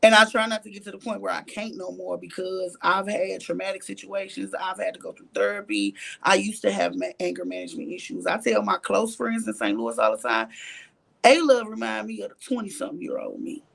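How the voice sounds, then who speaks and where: A woman's voice: mid-range voice, fairly quick, creaky. A woman guest in an interview, telling a candid story bluntly and profanely, acting out the lines of others. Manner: animated, blunt and profane, acts out quoted dialogue. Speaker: interview guest, reality show cast member.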